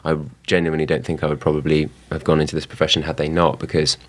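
A young man with a London accent talks in a casual interview. His voice sits very low, and he hesitates often, with fillers and restarts as he gathers his thoughts. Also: completely flat delivery, fast. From southwest London, England. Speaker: actor, guest.

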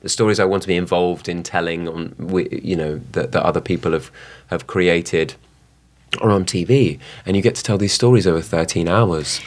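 A man's voice: low-pitched, moderate pace. A man, an actor, chatting casually as a guest, often restarting his sentences. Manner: hesitant, lots of restarts. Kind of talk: casual chat.

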